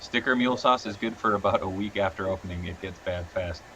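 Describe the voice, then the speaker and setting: A low-voiced man hosts a casual livestream, laughing and chatting with friends while eating nuggets with hot sauce. He's animated, tossing out quick asides. The audio is dull, with a little hiss or hum.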